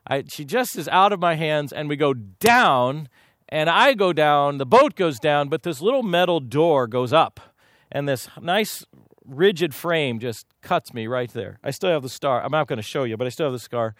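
A man's voice: on the high side, moderate pace, no room sound, clean studio sound. A man from Kansas preaching a sermon, telling folksy, humorous stories from his own life. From Kansas, USA. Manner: folksy, humorous, lively anecdotes. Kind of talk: sermon with personal storytelling.

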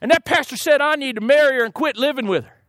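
A man's voice: very high voice, fast, fairly bright tone, no echo, studio quality, voice pushed up. A man voicing a male Texan patient who pleads with his doctor for a pill, in a drawling Texas accent. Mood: pleading.

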